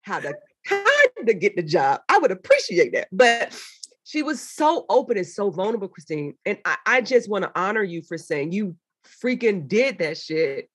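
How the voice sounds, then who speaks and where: A woman chatting as an interview guest, telling animated stories and jumping into excited, high quoted voices. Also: moderate pace, slightly rough. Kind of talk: casual interview chat.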